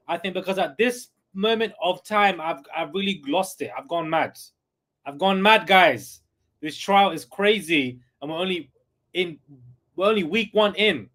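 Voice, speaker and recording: A man hosting a live stream, reacting excitably, repeating himself and sometimes shouting, and reading out chat comments. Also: high voice, measured pace. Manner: reads out chat comments and thanks donors.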